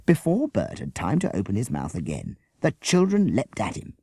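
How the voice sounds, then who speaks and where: A man reading a children's storybook aloud with a lively, expressive delivery. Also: medium pitch, normal speed, slightly rough, no room sound, studio quality. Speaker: audiobook reader. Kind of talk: storybook narration.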